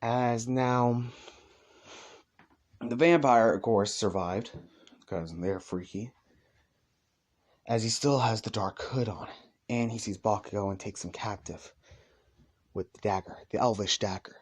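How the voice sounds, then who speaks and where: A man's voice: on the low side, measured pace, pauses often. A man improvising a fan story, rambling casually and correcting himself as he goes.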